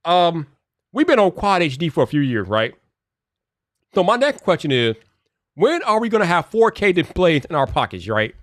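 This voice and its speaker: A man's voice: fairly high pitch, big pitch swings, moderate pace, no room sound, studio quality. A man hosting a casual tech live stream and chatting to viewers' comments. He talks in loose slang, stumbles over repeated words and grows exasperated when things glitch.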